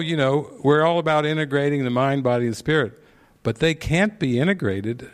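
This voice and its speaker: A man's voice: on the high side, moderate pace. A man speaking as a spiritual teacher at a retreat, telling stories, asking pointed questions and chuckling at his own points. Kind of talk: retreat talk.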